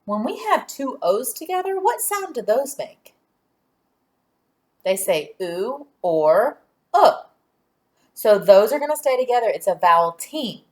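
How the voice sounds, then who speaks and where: A woman teacher giving a phonics lesson to young children, sounding out letters and syllables deliberately and praising answers. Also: on the high side, big pitch swings.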